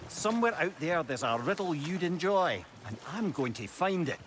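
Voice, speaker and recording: A chatty, playful talking head. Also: male voice, fairly high pitch, sing-song, moderate pace, background noise. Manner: playful, teasing, fond of riddles and puns. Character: witty, chatty male talking severed head. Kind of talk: video game voice acting. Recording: game audio with music behind.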